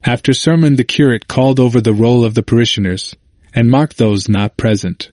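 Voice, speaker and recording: A man's voice: medium pitch, fairly quick, a little mellow, no echo. Man reading history in a dry room. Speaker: narrator. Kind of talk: scripted narration of a history book.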